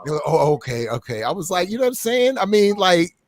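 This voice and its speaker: A man's voice: high-pitched, fast, no echo. A middle-aged man co-hosting a morning talk show, telling stories in casual chat and acting out what people said. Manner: animated storyteller, acts out quotes. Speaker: show co-host.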